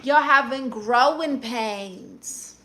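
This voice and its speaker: A comedian live-streamer from Brooklyn, New York, speaking with a thick Brooklyn accent, chats casually with her viewers while reading the chat. Her slightly high voice comes across bright and forceful, and she fires back at comments with quick, sassy comebacks.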